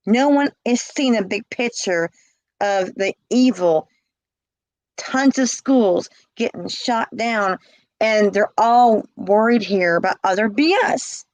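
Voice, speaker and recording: A woman's voice: mid-range voice, no echo, rough recording. A middle-aged woman, telling a personal story with passion and repeating herself. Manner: impassioned, repeats herself, acts out quoted calls. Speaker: interviewee. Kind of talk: emotional personal account.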